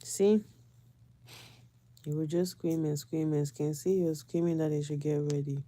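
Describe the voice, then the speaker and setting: A woman's voice: deep voice, fairly even intonation, a little slow, warm tone. A woman, a mother, chatting casually to camera, repeating phrases for emphasis and often breaking into laughs. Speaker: vlogger and mother.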